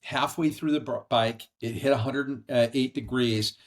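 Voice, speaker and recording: A middle-aged man tells a personal story as a podcast guest, earnest and animated. His voice sits at an ordinary middle pitch. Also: normal speed. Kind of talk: conversational storytelling. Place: brother-in-law's house.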